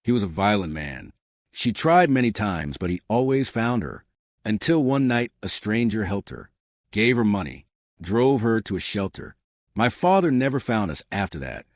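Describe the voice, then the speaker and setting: A man voicing an adult male crime boss who speaks quietly and steadily, with restraint. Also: lowish voice, big pitch swings, normal speed, dry recording, studio quality. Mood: solemn.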